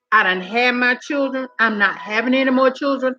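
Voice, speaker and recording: A woman's voice: sits high, a little fast, hardly any pauses, highs cut off. A woman, chatting sassily with her live-stream viewers and laughing often. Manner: sassy, animated, laughing often, calls viewers honey and girl. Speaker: vlogger talking to live chat. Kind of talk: casual live-stream chat. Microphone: phone camera.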